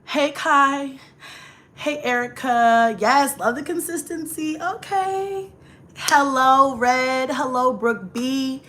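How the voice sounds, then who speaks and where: A woman's voice: high voice, slow, pushed and bright. A young woman, hosting a casual livestream, chatting, laughing often and greeting viewers by name. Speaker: livestream host.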